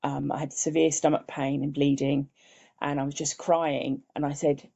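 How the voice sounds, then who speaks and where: A woman's voice: deep voice, flat delivery, normal speed, gravelly, dark tone, breathy edge. An older woman from England, a podcast guest, telling her personal story earnestly. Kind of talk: interview conversation. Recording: dull lo-fi remote audio.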